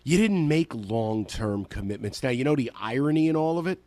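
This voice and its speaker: A man's voice: mid-range voice, expressive, brisk, warm tone, no room sound. A man hosting a sports radio show, ranting with emphatic sarcasm into a studio microphone. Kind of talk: sports talk radio rant.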